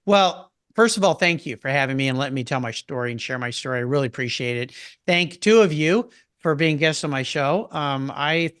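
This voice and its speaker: Older man, podcast guest; eager storyteller, slightly high pitch. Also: expressive, a little fast, fairly bright tone, clear, resonant tone, dry recording, clean studio sound. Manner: enthusiastic, storytelling. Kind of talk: casual interview chat.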